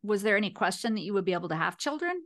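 A woman's voice: medium pitch, big pitch swings, racing, fairly bright tone. A woman hosting a well-being podcast, asking encouraging questions and speaking directly to her listeners. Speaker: podcast host. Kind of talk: casual interview.

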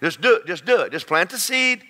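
A man's voice: sits high, expressive, brisk, pushed and bright. A man preaching a sermon, talking to his congregation in a chatty way, telling stories and repeating himself for effect. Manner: conversational preaching with storytelling and repetition. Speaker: pastor.

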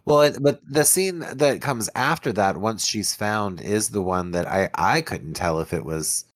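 A young man with a very low voice talks about a film on a podcast in a relaxed, easygoing way. He often chimes in with short agreement. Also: a little slow. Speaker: podcast co-host. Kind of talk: casual film discussion.

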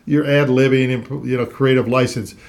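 A man's voice: medium pitch, little pitch movement, moderate pace, a little mellow. A man co-hosting a Christian talk show, teaching the Bible in an earnest, conversational way and reading scripture aloud with rising emphasis.

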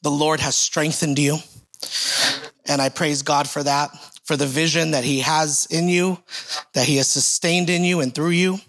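A man in his thirties giving a relaxed, joking church welcome full of fillers, then praying in a repetitive, rhythmic cadence. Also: a little high, moderate pace. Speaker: church speaker giving welcome and opening prayer. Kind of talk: casual church greeting and spoken prayer.

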